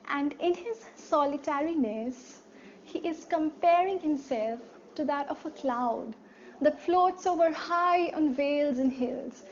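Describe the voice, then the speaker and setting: High-voiced woman teaching a poem. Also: darkish tone, dull audio, a little hiss or hum. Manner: explanatory, repeats key words, asks rhetorical questions. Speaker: literature teacher. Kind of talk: poetry analysis lesson.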